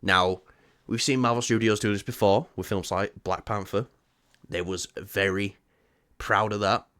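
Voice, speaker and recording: Man, low voice, teasing co-host, swears freely, dry room. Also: fairly even intonation, a little slow, a bit bright, clean tone, no echo. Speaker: podcast co-host. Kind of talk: casual film chat.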